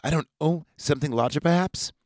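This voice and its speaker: A man's voice: a little high, fairly quick, darkish tone, no room sound, studio quality, voice pushed up, close to an everyday voice. A man voicing a prim male asylum doctor in a raised, questioning tone.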